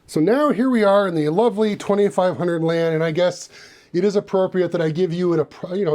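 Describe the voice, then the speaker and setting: A man's voice: a little high, dark tone. A man hosting a casual hands-on vlog in his home office, chatting and rambling with self-deprecating asides while he works on a computer. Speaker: retro computer channel host.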